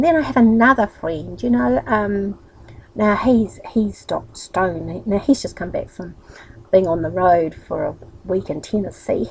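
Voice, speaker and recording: A woman's voice: medium pitch, vocal fry, darkish tone, breathy edge, low-quality recording. A woman with a New Zealand accent talking in a chatty, rambling, upbeat way in a casual motivational vlog. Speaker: vlogger.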